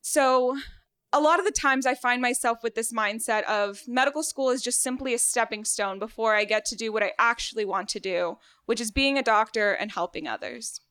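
A woman's voice: on the high side, normal speed, clear, resonant tone. A woman in her twenties from Venezuela, raised in South Florida, telling a self-deprecating first-person story live on a theater stage. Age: 20s. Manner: lively and self-deprecating, laughs often.

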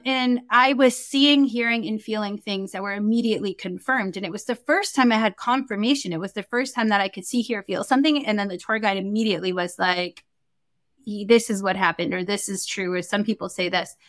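This young woman talks fairly quickly in a medium pitch, and there's no echo. Appearing as a guest in a relaxed interview, the Akashic record reader narrates a story with animation, performing the quoted lines.

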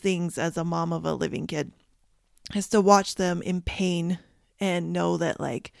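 A woman in her thirties, a podcast host, candidly telling listeners a personal story, emotional and halting at times. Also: on the low side, vocal fry, no room sound, studio quality.

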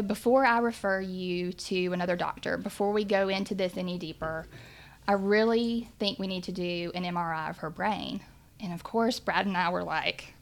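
A mother shares her family's faith testimony in a creaky, mid-range voice. She tells the story earnestly, with deep emotion and a faith-filled warmth.

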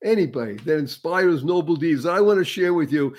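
Male motivational show host, higher voice, emphatic and theatrical delivery. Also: expressive, a little fast, hardly any pauses, darkish tone. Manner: emphatic and showy, building to big introductions.

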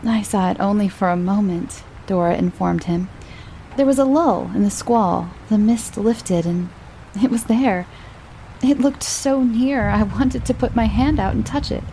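A woman reading the part of a curious, teasing woman on holiday, with a lively, lifted delivery. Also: a little high, measured pace, slight background noise, poor audio. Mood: wistful.

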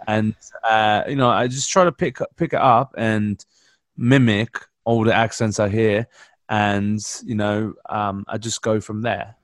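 A young man, a guest comedian, chats in a relaxed, halting way full of fillers. His voice sits a little low and sounds dry and close. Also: dry recording. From Canada. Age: young adult. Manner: laid-back, halting, with many fillers. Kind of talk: casual chat.

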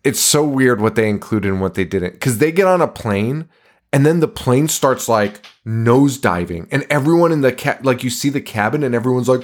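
Man, podcast host, casual movie recap, lively swooping pitch, laughs and swears a lot. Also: brisk. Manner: animated, swearing, laughing while retelling scenes.

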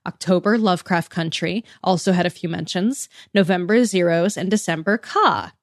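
A woman's voice: lowish voice, normal speed, dry recording, studio quality. A woman co-hosting a podcast, chatting casually and laughing often as she reads out listener comments. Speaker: podcast co-host. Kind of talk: casual chat.

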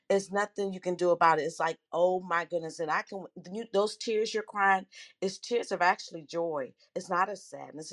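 A woman in an online audio room giving earnest, affirming motivational remarks that ramble a bit. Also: medium pitch. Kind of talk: motivational sharing.

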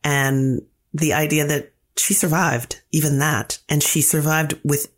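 A woman playwright being interviewed, telling stories in a lively way and acting out the quotes. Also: low-pitched, a little slow. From Canada. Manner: animated storyteller who acts out quotes. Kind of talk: casual interview talk.

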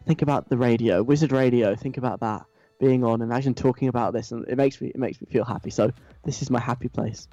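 A man's voice: medium pitch, no echo. Chatty self-deprecating male radio host. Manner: self-deprecating, rambling, animated when imitating chants. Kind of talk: casual radio chat.

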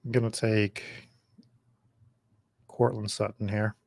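Low-voiced man chatting casually while drafting. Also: little pitch movement, slow, vocal fry, darkish tone, no room sound. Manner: rambling, chatty, reads and answers viewer comments. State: slightly losing his voice. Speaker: podcast host. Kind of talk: casual live drafting commentary.

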